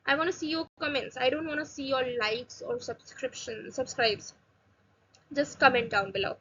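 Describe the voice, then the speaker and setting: A woman from India teaching basic phrases in a casual online lesson, repeating each phrase slowly and adding chatty asides. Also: high voice, pushed and bright, husky, lo-fi sound. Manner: slow careful phrase repetition with chatty asides. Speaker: language teacher.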